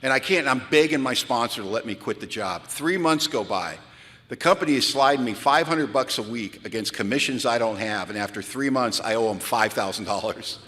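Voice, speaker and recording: A man speaking at a recovery retreat, telling animated, self-mocking stories to a crowd. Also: mid-range voice, brisk. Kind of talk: storytelling talk at a retreat. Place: large event hall. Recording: long hall reverb from a large venue.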